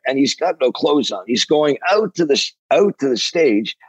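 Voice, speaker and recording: Older drummer from Canada as interview guest, husky voice, rambling anecdotes, dry close sound. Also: male voice, medium pitch, moderate pace, dry recording. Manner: rambling, animated, profane, restarts sentences. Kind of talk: storytelling interview.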